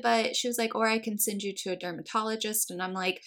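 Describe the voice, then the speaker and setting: Young woman, bright clear voice, a bit high, casual chatty storytelling, quotes the people she talks about. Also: fairly even intonation, brisk, few pauses. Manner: chatty storytelling, acts out quoted dialogue, many "like"s. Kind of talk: casual chat.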